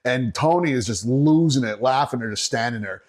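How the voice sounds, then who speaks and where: With lively intonation and a fairly quick pace, a middle-aged bassist from Northeastern Pennsylvania tells a rowdy story as a podcast guest. He's profane and casual, often laughing as he goes.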